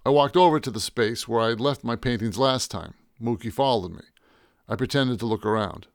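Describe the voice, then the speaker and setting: A man narrating a first-person story in a wry, deadpan way. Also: mid-range voice, brisk, no echo, studio quality. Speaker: audiobook narrator.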